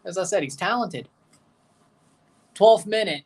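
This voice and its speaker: A man's voice: sits high, unhurried. A young man giving rambling, jokey live commentary while watching a match and chatting to his viewers. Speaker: watchalong streamer.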